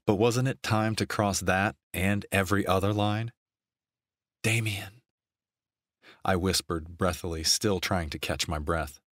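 A man narrating a romance novel in an even, steady storytelling voice on a close mic. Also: deep voice, moderate pace, few pauses, dry recording. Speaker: audiobook narrator.

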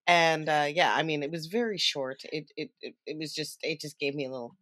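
A woman co-hosting a fan podcast, soft-spoken and halting, whose sentences trail off. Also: low-pitched, steady tone, no echo, studio quality. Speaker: podcast co-host. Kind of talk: casual chat.

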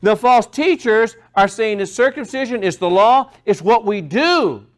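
High-voiced man preaching with passion. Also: expressive, measured pace. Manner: impassioned preaching, repeating phrases with rising emphasis. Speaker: pastor. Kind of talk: sermon.

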